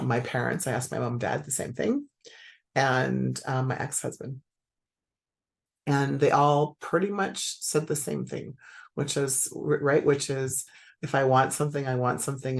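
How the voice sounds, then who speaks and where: A woman's voice: very deep voice, gravelly. A middle-aged woman candidly telling a reflective personal story, often checking in with "right?". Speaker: speaker sharing personal growth lessons.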